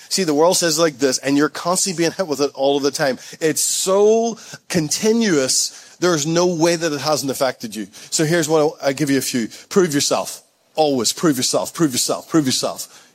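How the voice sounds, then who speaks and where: A man preaching a sermon as pastor, emphatic and repetitive, with short laughs between points. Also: fairly high pitch.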